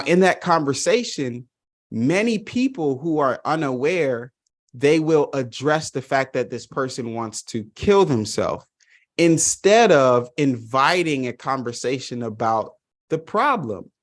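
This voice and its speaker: A man's voice: mid-range voice, lively intonation, measured pace. Male trainer, earnest and emphatic, direct address in a remote session. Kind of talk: online training presentation.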